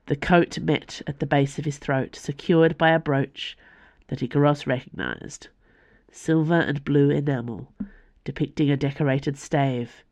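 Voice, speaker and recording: A woman, the author, reading her own fantasy novel aloud for a podcast in a measured storytelling voice. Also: deep voice, steady tone, a little mellow, dry recording. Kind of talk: audiobook fantasy narration.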